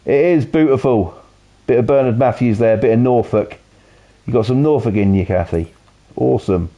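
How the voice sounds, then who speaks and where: A man's voice: medium pitch, normal speed, warm tone. A British man streaming a game, chatting casually in a rambling way, swearing heavily and filling with "you know". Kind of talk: casual stream chat while playing. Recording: dull lo-fi audio.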